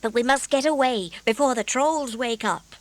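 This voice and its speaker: A woman voicing a brave, cheerful male gnome who is often hushed and eager. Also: sits high, normal speed, lightly acted.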